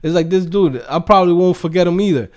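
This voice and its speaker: A man hosting a coding livestream, ranting in a profane, animated way and mimicking people in quick mocking voices. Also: high-pitched. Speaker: livestream host and coding instructor. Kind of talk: profane casual livestream rant.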